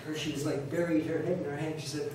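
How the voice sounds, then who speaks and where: A man lectures in a conversational way, circling back and restating his points. His voice sits a little high and carries a heavy hall echo, picked up from some distance. A faint hiss sits underneath. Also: flat delivery, darkish tone. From New York City, United States. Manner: conversational, repeats and restarts, speaks up deliberately. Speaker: pronunciation teacher. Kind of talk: conference talk. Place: large conference hall. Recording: echoey hall, distant mic, faint noise.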